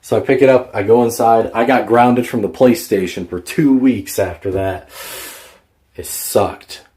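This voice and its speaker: Low-voiced man rambling through a story. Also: a little slow, a little mellow. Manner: rambling, profane, many fillers. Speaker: vlogger. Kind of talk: casual storytelling vlog.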